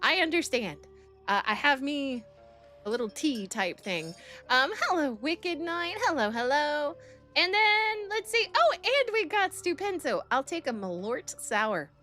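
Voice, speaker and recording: A young woman streams to her chat in a high, bright voice. She is bubbly and excitable and swoops up and down in pitch as she greets people, with soft music playing behind her. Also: unhurried. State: nervous and excited.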